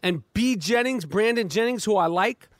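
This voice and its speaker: A man's voice: sits high, expressive, normal speed, no room sound, studio quality. A man hosting a comedic sports podcast, stammering and repeating words as he talks. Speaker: podcast host.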